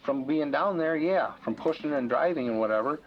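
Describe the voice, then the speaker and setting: A man's voice: on the high side, animated, a little fast. A man being questioned by police, talking defensively and wryly, sidestepping the questions. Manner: defensive, wry, evasive. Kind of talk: police interview. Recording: dull archival footage with faint noise.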